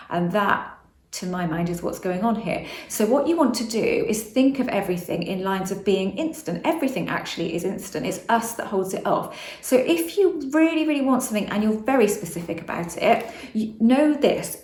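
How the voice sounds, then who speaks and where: Woman vlogger, middle pitch, chatty and explanatory, echoey room. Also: darkish tone. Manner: chatty, explaining with repeated phrases. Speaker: law of attraction vlogger. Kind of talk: casual talk to camera. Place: room with a ring light.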